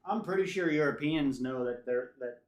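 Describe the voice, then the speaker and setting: A man's voice: a little high, moderate pace, slight background noise. An American man streaming, chatting casually with his viewers and drifting from one tangent to the next. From United States. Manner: rambling, tangent-prone. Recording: roomy echo.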